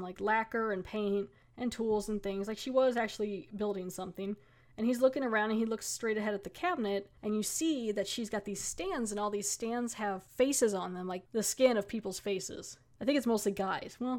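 A woman hosting her own podcast, retelling an episode in a loose, chatty way, full of fillers and little laughs. Her voice sits at an ordinary middle pitch for a woman. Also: moderate pace, darkish tone. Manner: chatty, lots of "like", laughs often. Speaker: podcast host reviewing a TV episode. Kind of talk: casual spoken recap.

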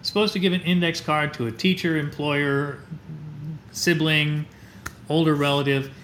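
A middle-aged man tells stories from his teaching years with animated, heartfelt energy, and his voice sits a little higher than most men's. The recording is roomy and echoey, with a faint hiss of noise underneath. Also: moderate pace. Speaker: guest, teacher and astronomer. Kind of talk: storytelling in a podcast interview.

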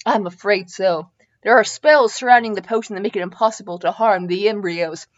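A woman voicing a calm, grave old male wizard headmaster who speaks in a slow, measured way. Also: medium pitch, lo-fi sound, close to an everyday voice.

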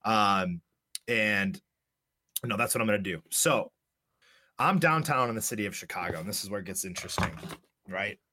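A man's voice: lowish voice, normal speed, long pauses, dry recording. A young man casually telling a story, swearing often and acting out both sides of a conversation. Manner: profane, animated storyteller, acts out dialogue.

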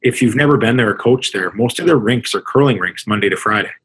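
A man who coaches hockey talks through his experiences on a podcast. His voice is husky and mid-pitched, and he rambles earnestly, often circling back to restart a thought. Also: quick pace, fairly bright tone, rough recording. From Canada. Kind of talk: podcast interview answer.

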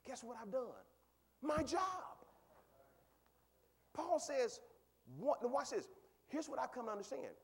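A male pastor preaching with a high voice that leaps wildly, from low murmurs up to ringing exclaims. He talks with his congregation, asking them questions and repeating words as he builds. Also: big pitch swings, takes it slowly, long pauses, husky. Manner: conversational, asks the congregation questions. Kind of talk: sermon.

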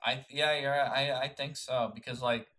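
A young man co-hosting a casual movie chat, relaxed and musing, often restarting his thoughts. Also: medium pitch, moderate pace.

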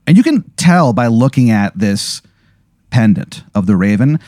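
A man's voice: mid-range voice, sing-song, unhurried, dark tone, no echo, studio quality. A man casually spinning a rambling hypothetical story, full of "like" and "you know what I mean.". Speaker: host telling a hypothetical.

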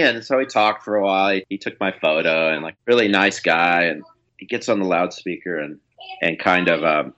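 A man's voice: sits low, lively intonation, normal speed, sharp tone, lo-fi sound. A musician, a man, telling a casual story in a rambling, hesitant way with lots of fillers. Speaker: musician guest.

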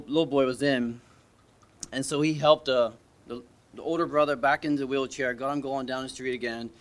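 A man preaching an informal sermon at a church service, talking in a conversational, hesitant way with many restarts and questions to the congregation. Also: mid-range voice.

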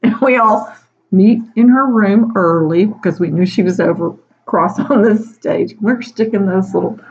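A woman's voice: mid-range voice, unhurried, darkish tone, lo-fi sound. A middle-aged woman, a teacher, casually telling an anecdote in a chatty way, laughing often between phrases. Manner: chatty, laughs often, frequent fillers like "you know".

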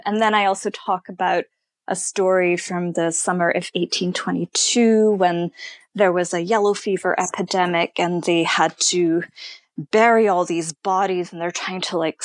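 A woman tour guide being interviewed, telling stories in an unhurried, thoughtful way. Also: on the low side, dry recording. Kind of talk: conversational storytelling interview.

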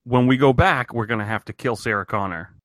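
A man's voice: mid-range voice, brisk, fairly bright tone. A man co-hosting a casual podcast chat, joking in a dry, sarcastic way. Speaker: podcast co-host. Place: home in Maine.

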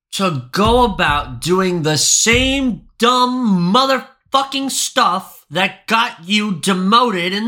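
Hoarse guy ranting about a movie, swearing a lot, bright voice that jumps all over. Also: sits high. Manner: profane, exasperated ranting with sudden shouts and mocking voices. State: voice going hoarse. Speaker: podcast co-host.

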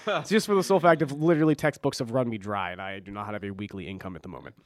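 A man's voice: on the low side, racing. A young man with a stuffy cold, co-hosting a casual college radio show, rambling and correcting himself with jokes. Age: young adult. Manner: rambling, self-correcting, jokey. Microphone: studio mic.

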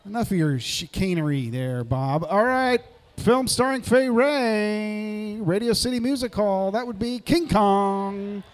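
A man's voice: high voice, measured pace. A man hosting a live pub trivia night, reading out answers with jokey asides.

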